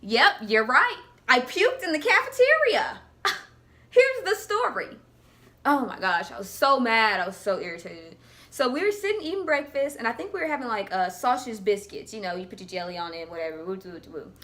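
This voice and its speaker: A woman's voice: fairly high pitch, normal speed. A young woman telling a funny story in a vlog, acting out what people said in different voices. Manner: animated, acts out quotes in voices. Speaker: vlogger.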